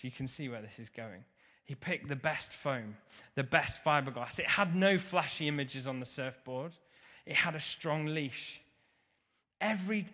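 Man telling a story in a hall. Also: on the high side. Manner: vivid storyteller, swinging between loud and hushed. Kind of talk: personal storytelling. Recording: long reverb of a large hall.

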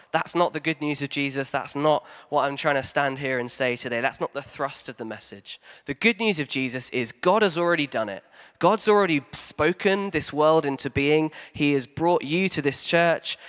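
A man as a pastor giving a sermon in a church hall, talking conversationally with frequent ums and animated emphasis. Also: a little high.

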